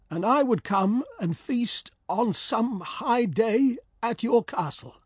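A man reading the part of a proud middle-aged landowner offering peace to an old enemy, in a measured, earnest way. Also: sits high, breathy edge, dry recording, studio quality, pitched above the performer's own voice, full character voice. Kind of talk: dramatic story reading.

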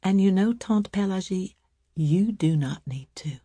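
A woman voicing a quiet, firm young woman in a storybook reading, speaking low but clearly. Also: lively intonation, a little slow, no echo. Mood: earnest.

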